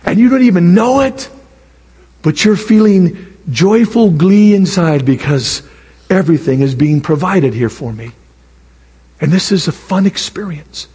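A male pastor preaching a sermon in an animated way, acting out the voices of the people he quotes. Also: a little high, breathy edge. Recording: long reverb in a hall.

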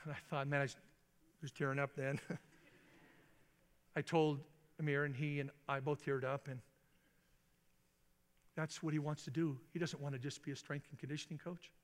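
A middle-aged male pastor telling a story in a sermon, acting out the quoted voices with big jumps in pitch. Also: little pitch movement, normal speed, pauses often. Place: church sanctuary. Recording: long reverb in a large hall.

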